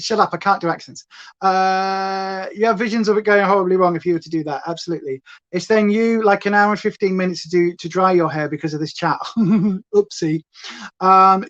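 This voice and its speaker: Fairly quick and medium in pitch, her voice comes through with a lo-fi sound as she hosts a chatty makeup livestream from home. The Hampshire woman, whose southern English accent has a slight Essex twang, rambles on, reads the chat aloud, and talks to her viewers and her dog.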